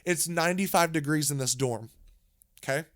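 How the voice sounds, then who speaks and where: A man co-hosting a podcast, telling a story in a casual, animated way, with frequent restarts and repeated words. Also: on the high side, moderate pace. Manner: animated, rambling with many restarts. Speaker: podcast co-host.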